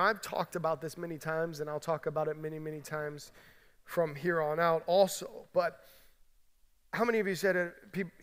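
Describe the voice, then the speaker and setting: In a large church sanctuary, a man with a slightly high voice preaches a sermon as pastor. He's emphatic yet conversational, frequently checking in with the congregation, and the hall is large.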